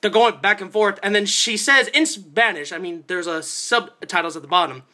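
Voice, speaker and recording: High, bright-voiced man ranting angrily. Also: normal speed. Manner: ranting, swearing, yelling in outbursts. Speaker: movie reviewer. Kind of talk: angry movie-review rant. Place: at home. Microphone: handheld phone camera.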